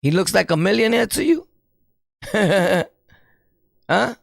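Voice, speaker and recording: Gravelly New York streamer preaching to haters. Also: male voice, high-pitched, slow, no echo, studio quality. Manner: animated, preachy, laughs often, street slang. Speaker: streamer and YouTuber. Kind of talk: casual commentary monologue.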